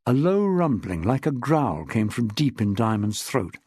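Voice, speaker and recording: Man, audiobook narrator, husky, lively pitch, dry studio sound. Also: no echo. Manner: measured, expressive storytelling. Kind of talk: scripted narration.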